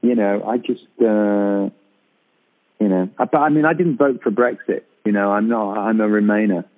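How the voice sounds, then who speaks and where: A man's voice: fairly low pitch, moderate pace. Hesitant man on a tinny phone line. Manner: hesitant, with many fillers and restarts. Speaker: guest on a radio show. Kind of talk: casual radio chat. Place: abroad in Britain, calling in.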